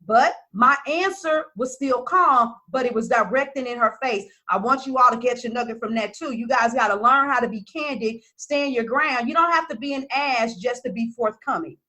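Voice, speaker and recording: A woman's voice: on the high side, moderate pace, hardly any pauses, bright, forceful tone. A woman business coach talking casually to her followers, blunt and emphatic, swearing freely.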